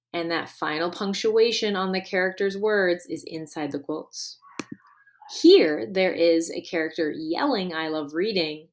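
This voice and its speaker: Woman teaching a clear grammar lesson. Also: fairly low pitch. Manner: clear and deliberate, stressing key words. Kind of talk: recorded online grammar lesson.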